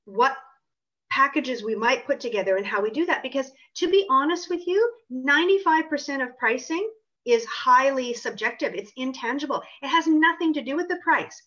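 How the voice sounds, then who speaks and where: A woman's voice: high-pitched, a bit bright. Emphatic woman on lo-fi audio. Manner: emphatic, assertive. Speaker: author and pricing consultant. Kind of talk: interview answers. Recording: dull lo-fi audio.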